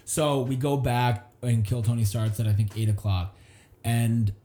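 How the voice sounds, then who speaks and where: A man's voice: mid-range voice, unhurried, reverberant. A young man, a comedian, telling a story in casual chat and acting out the voices in it. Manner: animated, acts out voices in his stories. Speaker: comedian guest.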